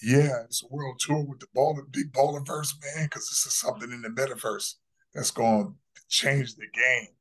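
A man's voice: medium pitch, steady tone, moderate pace, a bit bright. A man in his fifties talking as a guest in a casual interview, brash and boastful, with emphatic delivery. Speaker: podcast guest.

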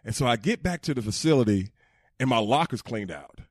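A man in his forties from Georgia, a former football player telling stories in casual chat, animated and fond of acting out quoted people in a higher voice. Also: a little fast, no echo. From Georgia, USA. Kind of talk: casual storytelling.

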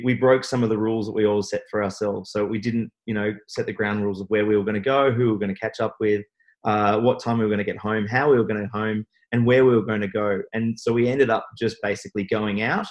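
A man appears as a podcast guest, telling a personal story in a rambling interview style full of restarts and fillers. His voice is on the low side, and the audio is poor.

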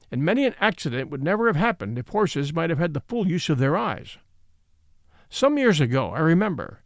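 A man reading the part of a fiery yet gentle old male horse in a storybook, speaking indignantly and moralizing. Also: fairly high pitch, no room sound, clean studio sound. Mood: grave.

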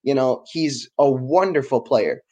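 A man co-hosting a casual soccer podcast. He talks with enthusiasm in long, rambling runs. His pitch sits in the middle for a man. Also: lively intonation, unhurried, dark tone, muffled recording. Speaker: podcast co-host.

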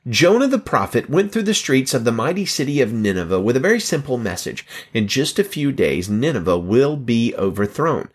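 A man hosting a Bible reading podcast, teaching and telling the story in an earnest, encouraging way. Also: mid-range voice. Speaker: podcast host.

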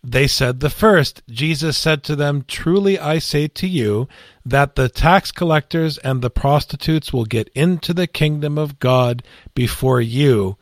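Priest, male, slow deliberate teaching voice, slightly higher pitched, dry close sound. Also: no echo. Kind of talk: Bible study discussion.

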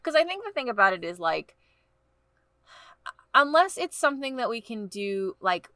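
A woman co-hosting a casual brainstorming chat, playful and quick to joke. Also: a little high, sing-song, sharp tone, dry recording.

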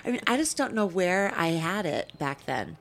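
A middle-aged woman co-hosting a podcast, telling a lively story with laughs and acted-out voices of her kids. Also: on the low side, moderate pace, creaky, noisy background. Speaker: podcast co-host. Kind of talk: casual chat.

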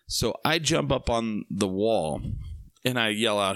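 A man's voice: mid-range voice, measured pace, fairly bright tone, dry recording. A young man telling a rambling party story casually, full of fillers, asides and swearing.

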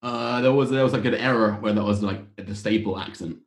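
A man's voice: fairly low pitch, brisk, roomy sound. A man calling in over video from his home in London, chatting casually, laughing easily and often repeating his words. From England. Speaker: caller. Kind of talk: casual chat. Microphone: headphones on video call.

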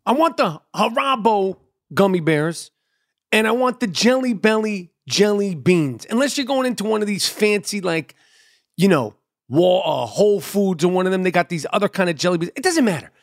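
A man's voice: sits high, lively intonation, moderate pace. A middle-aged man, ranting in a crude, rambling comedy monologue full of repetition and swearing.

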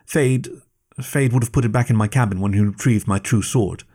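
A calm, dutiful fox swordswoman who answers in an even, dry voice, as a male narrator puts her on, a little higher than his own telling. Her delivery stays composed in an audio story. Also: moderate pace.

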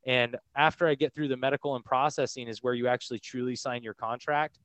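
A man's voice: medium pitch, steady tone, fast, fairly bright tone, clean tone, dry recording. A man from the United States, a podcast guest, frankly and casually telling his own story in conversation. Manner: casual, frank, loose with fillers.

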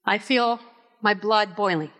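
A middle-aged woman pastor from Puerto Rico, preaching a candid sermon with personal stories and emphatic, drawn-out phrases. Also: mid-range voice, fairly bright tone. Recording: reverberant hall.

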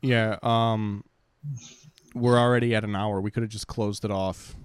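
A man's voice: lowish voice, flat delivery, measured pace, clear, resonant tone, dry recording, clean studio sound. A young man telling rambling, profane stories on a casual podcast, full of fillers. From Detroit area, Michigan. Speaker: podcast co-host.

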